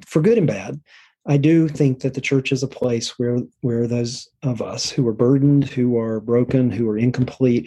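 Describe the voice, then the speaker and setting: A man's voice: mid-range voice, slightly rough. A middle-aged man, a therapist, speaking reflectively in a conversational interview, often checking in with "right?". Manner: reflective, warm-hearted, frequent "right?" and restarts.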